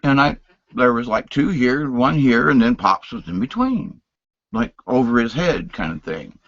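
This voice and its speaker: Man recounting a personal story, emotional with a lively, swinging pitch, on a dull, dry recording. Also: a little slow, gravelly, no room sound. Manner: emotional and animated, jumps between loud and hushed. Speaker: video host telling a personal story.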